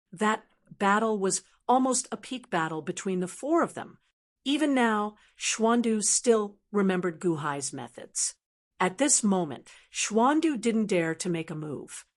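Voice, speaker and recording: A woman narrating a fantasy novel as an audiobook, reading in a steady storytelling manner. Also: medium pitch.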